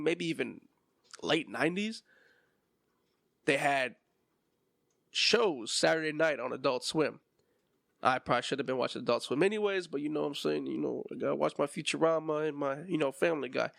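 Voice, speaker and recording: A man's voice: on the high side, gravelly, a bit bright, no echo, studio quality. A man in his twenties hosting a solo podcast and ranting with passion and emphasis. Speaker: podcast host.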